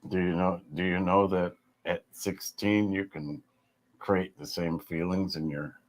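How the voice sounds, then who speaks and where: Low-voiced older man, quiet and brief. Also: little pitch movement, a little slow. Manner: quiet, brief interjections and leading questions. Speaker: guest, host's father. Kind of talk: casual family chat.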